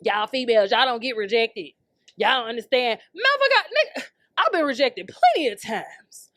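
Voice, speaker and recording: A young woman hosts a podcast, her high, fairly bright voice swinging widely in pitch at a normal speed. She rants heatedly for comedy, brash and constantly swearing, with frequent laughter. The studio sound is clean, with no echo.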